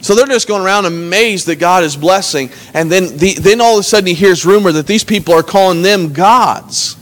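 The man preaching as pastor has a high-pitched, fairly bright voice and a brisk delivery. He earnestly reads scripture aloud and explains it in everyday language.

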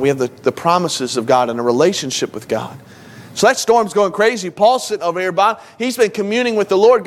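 A man teaching a Bible lesson in a loose, conversational preaching style, stopping to put questions to his listeners. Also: sits high. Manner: informal, asks the audience questions.

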